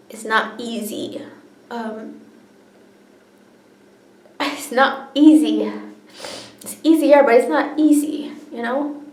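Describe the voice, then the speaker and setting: A young woman with a fairly high voice tells her personal story in a candid, earnest way. She is tearful and breaks into frequent laughs. The echoey room gives the recording a hollow, reflective sound. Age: young adult. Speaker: vlogger. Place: indoors, sitting on the floor.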